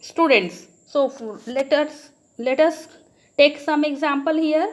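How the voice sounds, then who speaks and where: Speaking slowly in a high voice, this woman teacher with an Indian English accent leads a grammar lesson. She often speaks directly to the students and asks questions, then supplies the answers.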